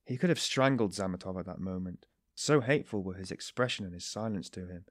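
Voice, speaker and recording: Male narrator, husky breathy voice, dry close sound, classic novel reading. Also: a little fast, few pauses, dry recording. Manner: lifts pitch and volume for dialogue, drops low for narration. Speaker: audiobook narrator. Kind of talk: scripted narration, single reader voicing all characters.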